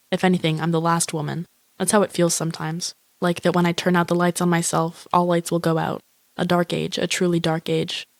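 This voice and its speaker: A woman voicing a flat, morbid young woman. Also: on the low side, no echo, natural voice. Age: young adult. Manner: flat, profane, self-absorbed musing. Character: lonely, grandiose, morbid young woman wishing for a shark. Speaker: inner-monologue narrator. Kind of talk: deadpan voice-over monologue.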